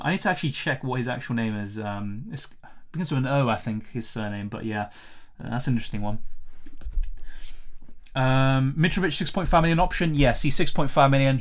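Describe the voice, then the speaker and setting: Chatty man streaming fantasy football. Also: medium pitch. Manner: chatty, thinking aloud, answers viewer comments. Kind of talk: live Q&A stream, casual chat.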